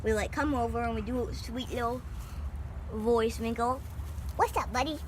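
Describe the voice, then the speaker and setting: A woman's voice: fairly high pitch, flat delivery, moderate pace, a little hiss or hum. A young woman chatting casually in a backyard vlog about her guinea pigs, talking informally with lots of fillers and a sweet voice for the animals, filmed on a handheld phone. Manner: chatty and informal, many fillers, sweet baby talk to pets. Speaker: vlogger showing her pet guinea pigs. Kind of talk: casual outdoor vlog narration. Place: outdoors in a backyard.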